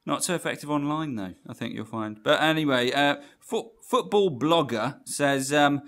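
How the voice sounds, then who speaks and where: A man's voice: fairly high pitch, normal speed, creaky, hardly any pauses, a bit bright. A man co-hosting a video game podcast, chatting casually with dry, self-deprecating humour. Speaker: podcast co-host.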